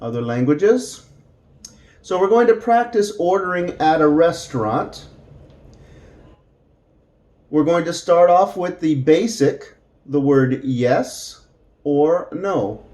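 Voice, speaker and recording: A male English teacher giving a lesson for beginners, speaking at an extremely slow, deliberate pace. His voice sits a little higher than most men's. He stretches out each example phrase so that learners can repeat it. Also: expressive, mellow. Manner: speaks very slowly, drawing out example phrases for repetition.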